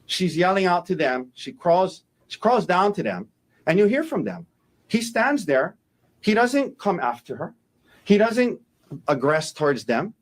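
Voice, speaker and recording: A man's voice: high-pitched, sing-song, a little slow. A man, a defense attorney, giving a courtroom opening statement, emphatic and repeating key phrases for effect.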